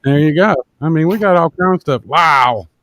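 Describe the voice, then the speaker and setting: A folksy man chats on a live stream call and reads viewer comments aloud. His voice moves lively through its pitch, and it sounds close and dry. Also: moderate pace, no room sound.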